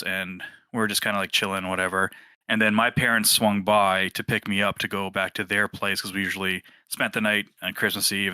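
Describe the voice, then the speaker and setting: Bright-voiced man telling a story. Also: on the low side, smooth, no room sound. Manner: animated, acts out quoted voices. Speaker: team member sharing a memory. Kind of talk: casual storytelling.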